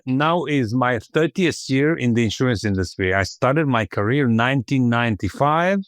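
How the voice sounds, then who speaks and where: A man talks as a podcast guest in an unhurried, conversational way, pausing with fillers as he thinks. His voice sits at a middle pitch. The recording is dry and close. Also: clean tone, no echo. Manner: thoughtful, with frequent fillers and restarts. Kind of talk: conversational interview.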